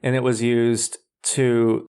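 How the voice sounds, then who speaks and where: A man with a mid-range voice explains his ideas on a podcast. He talks casually and hesitantly, with frequent pauses and fillers as he works through each point. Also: medium pitch, flat delivery, warm tone, clear, resonant tone. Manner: explanatory, hesitant with many ums. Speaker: podcast co-host. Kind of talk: casual chat.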